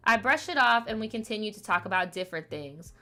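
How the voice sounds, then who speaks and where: A woman with a bright, forceful voice hosts a relaxed show. She reads viewer letters aloud and breaks in with chatty, playful asides full of fillers. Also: mid-range voice, fast. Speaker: podcast host reading viewer stories. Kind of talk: casual chat, reading letters aloud.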